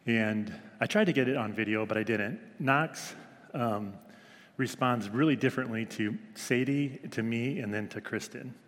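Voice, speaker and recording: A man's voice: mid-range voice, moderate pace, a bit bright. A man in his thirties giving a casual devotional talk to a small group, chatty and full of fillers. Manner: chatty, many fillers, mimics his toddler's voice. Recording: long hall reverb.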